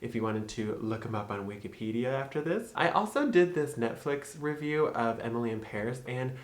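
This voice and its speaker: A young man with a Michigan accent hosting a casual accent tutorial, upbeat and laughing often, slowing down to spell out practice phrases. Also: medium pitch, animated. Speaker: YouTube host teaching accents. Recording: echoey room with faint noise.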